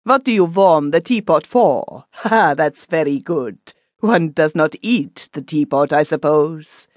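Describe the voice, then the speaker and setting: Woman narrator doing a blustering official, animated, dry recording. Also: sits low, measured pace, dry recording. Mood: mocking. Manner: blustering, self-important. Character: boastful middle-aged German official, man.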